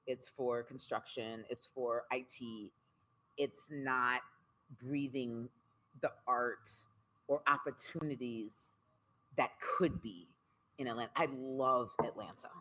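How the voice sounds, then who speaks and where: A woman guest, a spoken word poet, talking candidly in an interview, expressive and emphatic, repeating phrases for rhythm. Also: rumbling low, takes it slowly.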